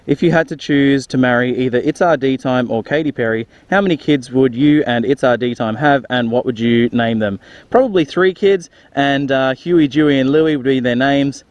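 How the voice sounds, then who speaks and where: A young Australian man answering viewer questions for his motorcycle vlog, relaxed and chatty, recorded outdoors on an action camera. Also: medium pitch, moderate pace, dry recording, muffled recording. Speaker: motorcycle vlogger. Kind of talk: casual Q&A vlog. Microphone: action camera onboard mic. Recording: loud wind and road noise on a camera mic.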